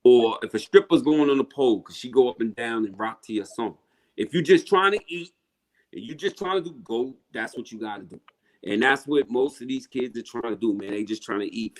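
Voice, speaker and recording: A man, telling stories in a casual interview, blunt and animated. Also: on the low side, a little fast. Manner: blunt, profane, animated storyteller. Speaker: rapper guest.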